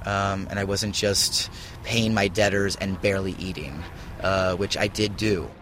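A man's voice: sits low, fairly even intonation, unhurried, fairly bright tone, a little hiss or hum. A man answering interview questions on a hiking trail, hesitant and repeating words as he thinks. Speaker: interview guest.

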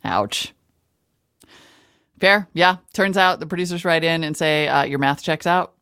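A woman co-hosting a podcast in casual, chatty talk, animated and quick to laugh. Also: sits low, smooth, no room sound, clean studio sound. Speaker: podcast co-host. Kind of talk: casual chat.

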